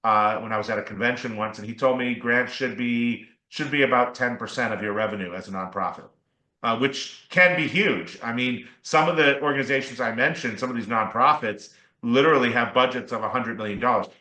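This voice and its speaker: An attorney man talks through a podcast interview and explains things earnestly, pausing to check in with his listener. His voice is bright and forceful. It rings in an echoing room. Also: medium pitch. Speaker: attorney guest.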